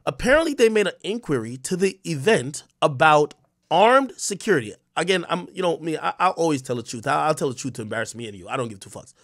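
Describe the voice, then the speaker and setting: A man's voice: fairly high pitch, big pitch swings, fast talker, fairly bright tone, dry recording, clean studio sound. A young man ranting to his livestream viewers, agitated, swearing and stumbling over restarts. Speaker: live streamer. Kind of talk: casual livestream rant.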